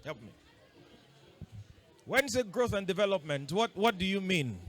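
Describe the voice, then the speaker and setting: A man leading an interactive talk with a group of boys, playfully quizzing them with quick questions. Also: high-pitched, sing-song, a faint crowd. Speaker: workshop leader talking to boys.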